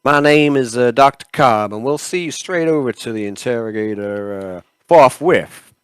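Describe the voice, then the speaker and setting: A man voicing a fussy male doctor in a put-on American Southern drawl, slow and hesitant. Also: medium pitch, clear, resonant tone, no room sound, studio quality, close to an everyday voice.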